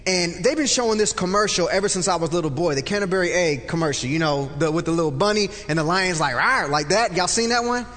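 A man in his forties with a high voice shares a faith testimony, telling it as a vivid story that swings from loud and excited to soft and hushed. His voice rings out with a long reverb, as in a large hall. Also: quick pace, hardly any pauses. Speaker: speaker telling a personal testimony.

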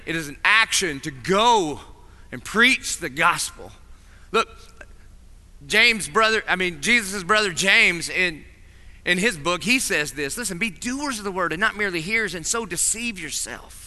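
Bright-voiced animated preacher in a hall. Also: male voice, high voice. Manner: animated, acts out voices in stories. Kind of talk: sermon. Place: chapel. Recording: long reverb of a large hall.

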